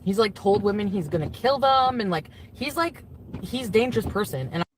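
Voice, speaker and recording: A woman's voice: medium pitch, animated, brisk. Upset woman on a noisy stream clip. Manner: confrontational, shaky and upset. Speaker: live streamer. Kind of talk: upset live-stream talk.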